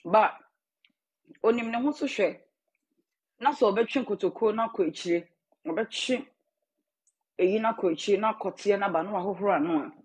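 A woman's voice: mid-range voice, moderate pace, pauses often, darkish tone, breathy edge. A woman with a Ghanaian accent chatting casually to her viewers while she eats, drifting between English and Twi. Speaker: vlogger. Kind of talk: casual eating-show chat.

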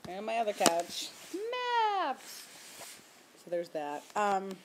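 A young woman chatting casually to her camera at home, rambling and self-mocking, talking loudly with headphones on. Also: mid-range voice, normal speed, slight background noise. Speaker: vlogger. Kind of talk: casual chat. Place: home, indoors.

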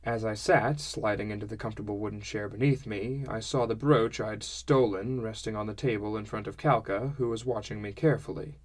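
Low-voiced man narrating an audiobook. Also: steady tone. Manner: measured storytelling. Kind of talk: first-person audiobook narration.

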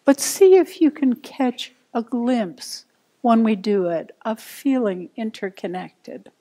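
A woman meditation teacher, giving a gentle, unhurried dharma talk to a group. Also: on the high side, lively intonation.

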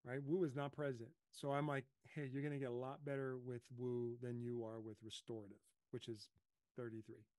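A middle-aged man hosting a casual coaching talk, telling lively stories and acting out his own panicked voice. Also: mid-range voice, moderate pace, smooth, no echo. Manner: animated storyteller, acts out his own panicked voice. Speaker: host.

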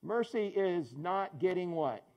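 A man's voice: high voice, expressive, takes it slowly, dull audio. A man preaching a sermon as pastor, conversational and joking, calling on people in the congregation by name. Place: church in front of a congregation.

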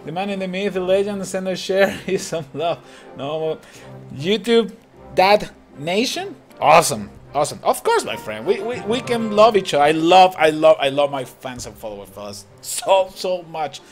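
A young Chilean man, Spanish his first language, streams and comments on a game with a high, swooping voice. He talks fast and casually, laughs a lot and says things twice. Game music plays clearly behind him. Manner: excitable, laughs often, repeats words. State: tired. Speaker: gaming streamer.

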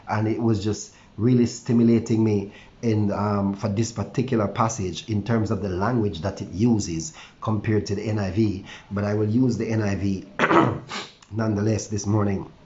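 Male pastor, fervent sermon, slightly stuffy nose, lowish voice, dull lo-fi recording. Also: darkish tone. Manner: fervent preaching with repeated hallelujahs. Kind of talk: online morning devotion sermon.

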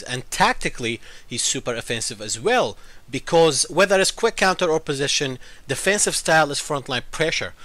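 Man, gaming youtuber, unusual mixed accent, talkative, bright tone, dry close sound. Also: medium pitch, no room sound. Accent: unusual mixed accent that viewers comment on. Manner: talkative, explains at length, defends himself. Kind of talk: casual game commentary to viewers.

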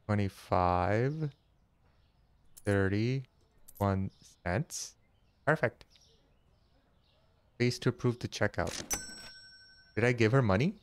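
Unhurried low-voiced man thinking aloud. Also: lively intonation, smooth. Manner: chatty, thinks aloud, counts money out loud; jokey, easily startled. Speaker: gaming channel host. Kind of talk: casual let's-play commentary.

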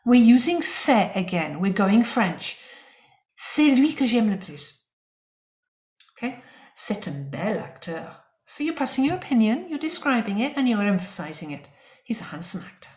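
A woman teaching French in an online lesson, explaining grammar with lively emphasis and spoken French examples. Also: mid-range voice, moderate pace, reverberant.

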